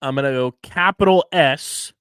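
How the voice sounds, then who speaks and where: A man's voice: mid-range voice, normal speed, clear, resonant tone, no echo, studio quality. A man, co-hosting a casual podcast and telling stories with lots of swearing. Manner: animated storytelling, swearing, spells words letter by letter. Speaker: podcast co-host.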